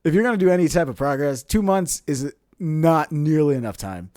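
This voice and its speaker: A young man with a slightly high voice tells a story on a podcast, laughing often and acting out the people in it. The sound is dry and close, with no room behind him. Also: fairly quick, no room sound. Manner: animated, laughs often, acts out quotes. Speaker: podcast co-host. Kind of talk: casual storytelling chat.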